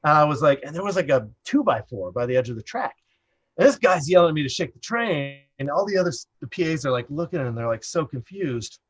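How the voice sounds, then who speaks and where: A middle-aged man telling a casual story as a podcast guest, rambling and animated, full of "like" fillers. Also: a little high, fast, husky. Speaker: podcast guest, production designer.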